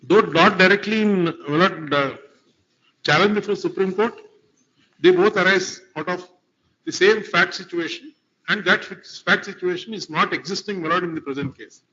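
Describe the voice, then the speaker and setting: A man acting as advocate pleads formally before a court, deferential throughout and constantly turning to the bench with repeated "my lord"s. His voice is high-pitched, bright and forceful at an ordinary pace. The audio is a dull, lo-fi courtroom capture.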